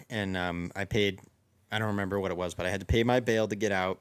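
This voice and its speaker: A man's voice: low-pitched, fairly even intonation, moderate pace, long pauses, clean tone. A young man casually telling a long story among friends, rambling with lots of restarts and fillers. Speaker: podcast co-host.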